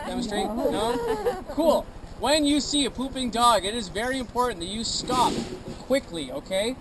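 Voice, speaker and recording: A man guiding a sled dog tour, giving an upbeat, joking outdoor safety briefing to a group and ending lines with "okay?". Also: high-pitched. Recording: noisy outdoor field recording.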